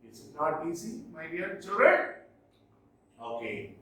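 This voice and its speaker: A man teaching a lesson on poetic meter, speaking slowly and deliberately and chanting verse lines with heavy stress. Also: a little high, very animated, a bit bright. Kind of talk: classroom lecture on poetic meter. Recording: echoey room from a distance.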